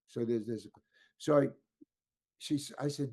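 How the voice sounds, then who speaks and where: Brief: older male actor as interview guest, lively swooping delivery, restless restarts, heated storytelling. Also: mid-range voice, normal speed, long pauses, slightly rough. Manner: animated, stammering restarts, acts out voices in his story. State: getting worked up.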